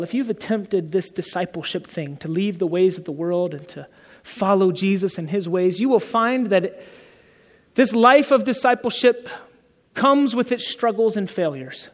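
Speaking at a moderate pace, a pastor with a very high-pitched voice gives a relaxed, conversational sermon, constantly posing rhetorical questions to his audience. His voice rings through a big church, each line followed by long reverb.

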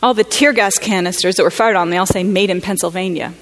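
Earnest American woman giving a halting talk. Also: medium pitch, fairly even intonation, fairly bright tone. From United States. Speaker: conference speaker. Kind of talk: personal testimony talk.

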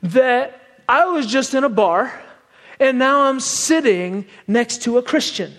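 A man voicing a loud drunk soldier yelling on an airplane, in a roomy hall. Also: extremely high pitch, lively intonation, slow pace, exaggerated voice. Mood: boisterous. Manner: yelling, slurred. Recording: long hall reverb.

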